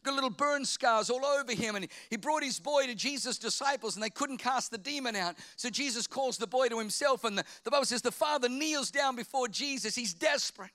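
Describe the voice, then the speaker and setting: Fervent high-voiced preacher. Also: male voice, brisk, few pauses. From Australia. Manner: fervent, repeats phrases and swings from loud to hushed. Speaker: pastor. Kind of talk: sermon.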